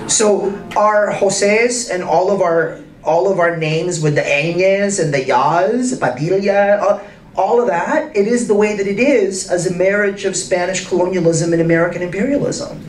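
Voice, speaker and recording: A man speaking to a live audience in an arts center, emphatic and full of rhetorical questions, his pitch swinging widely. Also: moderate pace. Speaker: guest speaker in a public conversation. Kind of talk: animated talk to a live audience. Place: arts center event space. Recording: roomy and distant with faint noise.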